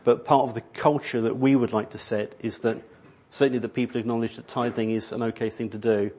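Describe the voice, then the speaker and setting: A man's voice: mid-range voice, little pitch movement, a little fast, darkish tone, husky. A middle-aged man preaching a sermon in a church hall, rambling and conversational, with many restarts. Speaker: pastor.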